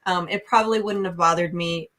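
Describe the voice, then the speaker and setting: A woman's voice: lowish voice, steady tone, brisk, a bit bright. A woman from New York, co-hosting a casual podcast and analyzing a film in an opinionated way. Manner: opinionated, analytical, frequent restarts. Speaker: podcast co-host, film reviewer. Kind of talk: casual chat.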